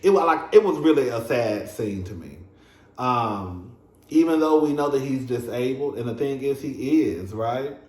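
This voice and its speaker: A man's voice: medium pitch, lively intonation, normal speed, a little mellow, roomy sound. A man giving a casual, emphatic and profane recap of a reality TV episode, talking straight to his viewers as a show reviewer.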